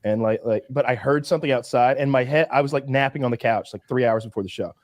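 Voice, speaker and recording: A man's voice: medium pitch, fast, no room sound, studio quality. A man hosting a podcast, telling long, rambling stories in casual chat and swearing freely. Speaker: podcast host.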